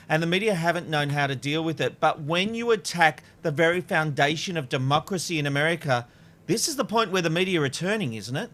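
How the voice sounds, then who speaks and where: A man hosting a casual panel talk show, animated and reading out quotes. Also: a little high. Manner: animated, reads out quotes, laughs between lines. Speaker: host.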